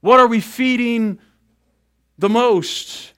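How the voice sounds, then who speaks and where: A man in his thirties, a pastor giving a sermon in an animated, conversational way, acting out little asides. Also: extremely high pitch, takes it slowly, smooth.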